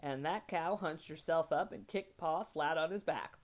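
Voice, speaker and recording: A woman teacher at home, reading a children's novel aloud and pausing to explain words with casual asides. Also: deep voice. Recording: dull lo-fi recording.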